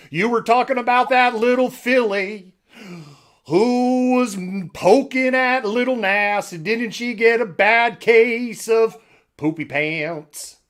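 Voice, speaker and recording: A man doing a crooning cowboy who sings everything he says in a slow, lilting drawl. The voice sits high for a man. The tone is playful and loose. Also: fairly bright tone. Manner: slow sing-song drawl. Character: singing drawling male cowboy. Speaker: co-host. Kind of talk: sung cowboy voice for a challenge.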